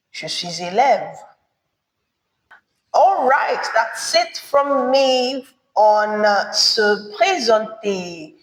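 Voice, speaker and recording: Slow, careful woman teaching French. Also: mid-range voice. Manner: slow, careful repetition of phrases. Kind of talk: beginner language lesson. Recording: echoey room with long reverb.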